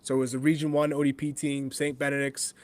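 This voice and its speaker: Animated, laughing man telling stories. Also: medium pitch, fast. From New Hampshire, USA. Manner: animated storyteller, laughs often, quotes himself. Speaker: guest, former pro soccer forward. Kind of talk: casual podcast chat, storytelling.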